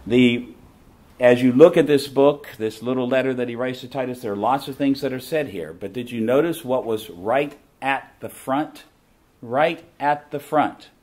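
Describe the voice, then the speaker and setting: A middle-aged conference speaker from the southern United States preaches emphatically in a Southern American accent, repeating his key phrases. His voice is mid-range with a darkish tone.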